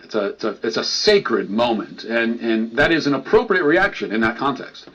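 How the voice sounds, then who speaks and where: A man giving measured, dry, scripted commentary narration, heard in a muffled lo-fi video playback. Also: medium pitch, a bit bright, slightly rough.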